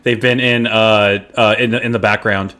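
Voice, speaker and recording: A man co-hosting a podcast, chatting casually about a TV episode, talking in halting, rambling stretches. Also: lowish voice, steady tone, sharp tone, clear, resonant tone. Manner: rambling, halting, many fillers and restarts. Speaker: podcast co-host. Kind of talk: casual chat recapping a TV episode.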